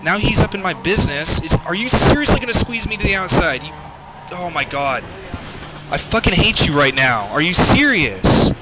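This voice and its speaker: A man commentating his own sim race, swearing and yelling at other drivers, his heart racing. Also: high-pitched, lively intonation, moderate pace. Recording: game music underneath. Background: game music and engine noise.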